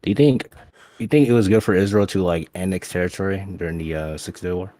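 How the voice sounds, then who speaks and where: Calling in to a livestream for casual banter, a young man speaks fast in a low, dark voice with no room sound. He's blunt and slangy, repeating "all right?" as he goes.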